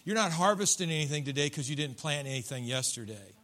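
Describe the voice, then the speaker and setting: A man's voice: on the high side, lively intonation, quick pace, fairly bright tone. A middle-aged man preaching a sermon in a church, folksy and joking, acting out voices from his congregation. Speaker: pastor. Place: church sanctuary.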